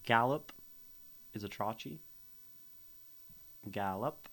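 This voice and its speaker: A man's voice: fairly low pitch, very animated, slow, long pauses, a bit bright. A man streaming as host, casually critiquing a poem and humming out its rhythms, often laughing. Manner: explains rhythm by vocalizing beats, laughs often. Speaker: streamer reading and critiquing poetry. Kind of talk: casual chat.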